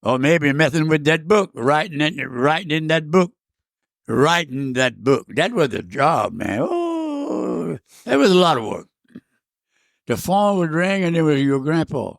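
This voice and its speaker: A very old man, telling stories in a gravelly voice. He talks slowly and rambles, repeats himself and restarts often. The recording is close and dry. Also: on the high side, very animated, dry recording. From South Louisiana. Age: 90s. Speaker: guest. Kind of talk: casual storytelling interview.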